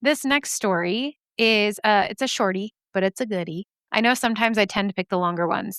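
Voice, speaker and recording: A woman's voice: medium pitch, brisk, vocal fry, hardly any pauses, a bit bright, no echo, studio quality. A woman hosting a podcast, reading listener mail aloud and reacting in a chatty, emotional way, laughing often and swearing casually.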